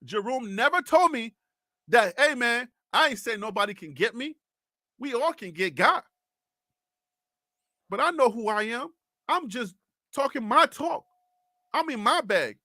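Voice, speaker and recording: A man's voice: extremely high pitch, expressive, a little slow, long pauses, sharp tone, no echo, studio quality. A man hosting a live sports talk show, speaking in an impassioned, pleading way and repeating himself. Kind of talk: live sports commentary monologue.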